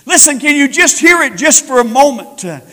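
A man preaching a fervent Sunday sermon as pastor, building to shouted, drawn-out emphasis. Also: extremely high pitch, very animated. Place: church sanctuary. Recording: long hall reverb.

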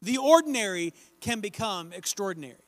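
A man preaching a sermon, reading scripture aloud and slowing down to stress key phrases. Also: high voice, animated, a bit bright, dry recording.

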